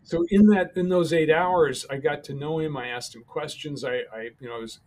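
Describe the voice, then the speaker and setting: A man, a podcast guest, telling a personal story in a calm, halting way with many pauses and restarts. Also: fairly high pitch.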